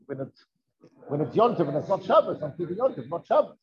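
This is a Torah lesson in a classroom, where a fast-talking man with a fairly high, sing-song voice reads the text aloud. He explains things casually, mixes in Hebrew terms, and often asks rhetorical questions. The recording is lo-fi and dull.

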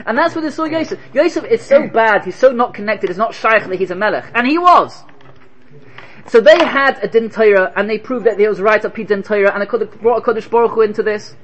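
A man giving an animated Torah lecture, firing rhetorical questions and telling stories. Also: high-pitched, a little fast, muffled recording, a little hiss or hum. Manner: animated, rhetorical questions, Hebrew terms woven in. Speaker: Torah teacher.

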